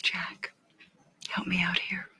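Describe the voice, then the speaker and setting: An actress playing a flustered female executive who is caught out, halting and evasive in film dialogue. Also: pushed and bright, in a whisper.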